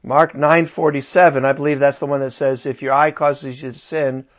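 A man teaching a Bible interpretation class, tired and talking slowly, asking his listeners rhetorical questions. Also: mid-range voice, level tone. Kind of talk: lecture.

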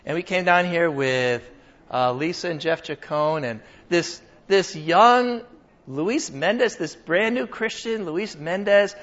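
An older pastor delivers his sermon in a high, bright-sounding voice, shifting between a loose, joking tone and firm emphasis. The recording is dull and lo-fi. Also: slow. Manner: conversational, emphatic, jokes with the congregation. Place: church hall with a congregation.

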